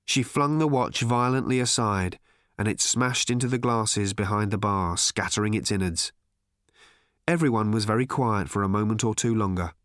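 A man's voice, on the low side, narrates a scripted audiobook at normal speed with expressive storytelling flair. The studio-quality audio carries no room sound.

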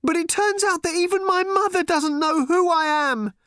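A man voicing a furious, panicking teenage girl who screams high and shrill. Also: steady tone, normal speed, bright, forceful tone, no echo, clean studio sound. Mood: screaming, desperate.

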